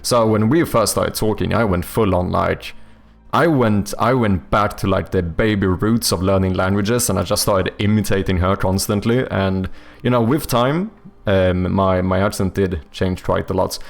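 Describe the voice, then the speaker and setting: A deep, gravelly male voice at a moderate pace. He's a Swedish streamer whose English leans British, chatting casually on a livestream as he reads and answers chat, full of fillers and restarts.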